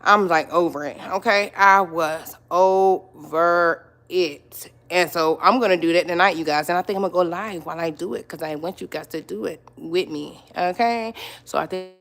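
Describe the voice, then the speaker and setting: A woman's voice: lowish voice, fairly quick, vocal fry, fairly bright tone. A middle-aged woman hosting her own livestream, chatting casually with viewers, greeting them by name and repeating her points. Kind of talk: casual live-stream chat.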